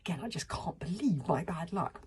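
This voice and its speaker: A woman's voice: lowish voice, lively intonation, moderate pace, darkish tone, breathy edge, heavily acted. A woman voicing a timid, panicky boy in a storybook reading, stammering and whimpering. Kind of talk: storybook read aloud.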